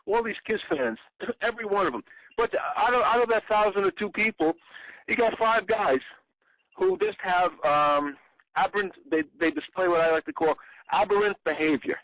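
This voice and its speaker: A man being interviewed, an exhibit designer who tells lively anecdotes and acts out the people he quotes. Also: sits high, moderate pace, no echo. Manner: animated storyteller, acts out quotes. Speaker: interview guest. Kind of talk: casual interview. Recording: dry, muffled audio.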